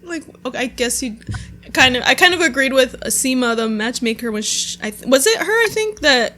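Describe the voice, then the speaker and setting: A young woman chats casually as a podcast host, with a bright and forceful voice that sits a little high. She fills her talk with "like" and quick laughs. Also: expressive, slight background noise. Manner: chatty, lots of "like" and laughs. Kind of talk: casual chat.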